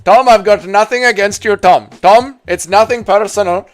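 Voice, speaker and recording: A man's voice: high voice, normal speed, pitched above the performer's own voice, close to an everyday voice. A man putting on an Indian accent to play a courteous male heavyweight fighter who keeps repeating the other man's name. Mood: polite. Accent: put-on Indian.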